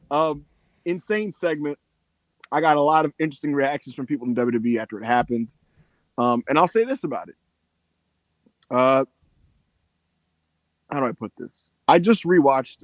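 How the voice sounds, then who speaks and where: Lively animated man telling stories. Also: fairly high pitch, a little fast, no room sound. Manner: animated storyteller, acts out quotes. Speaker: podcast host. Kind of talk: casual chat.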